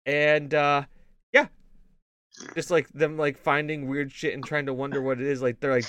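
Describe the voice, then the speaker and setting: A man's voice: medium pitch, flat delivery, moderate pace, fairly bright tone, dry recording. A man co-hosting a casual gaming show, telling rambling stories full of swearing and laughter. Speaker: podcast co-host.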